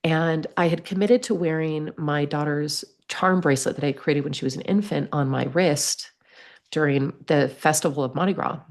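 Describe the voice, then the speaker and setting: A woman telling a personal story as a podcast guest, lively, acting out the voices she quotes. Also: deep voice, moderate pace. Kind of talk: storytelling in conversation.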